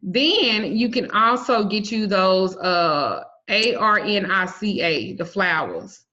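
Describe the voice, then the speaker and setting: Speaking slowly and expressively in a mid-range voice with a sharp tone, an herbal and spiritual teacher leads a casual online class about herbs. She is frank, bawdy, and profane, mixes in jokes, and spells out herb names letter by letter. The recording is muffled and lo-fi.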